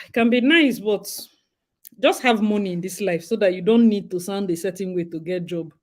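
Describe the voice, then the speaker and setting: A young Nigerian woman from Rivers State, speaking with her local accent as she hosts a casual live chat, animated, laughing often and slipping into pidgin. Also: medium pitch, moderate pace. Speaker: host.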